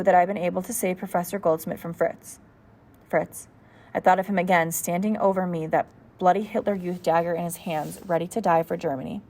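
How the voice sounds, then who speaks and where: A woman's voice: fairly low pitch, darkish tone. A woman reading a novel aloud as an audiobook, in a plain reading manner with the odd slip and restart. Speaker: audiobook reader. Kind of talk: read-aloud narration of a novel.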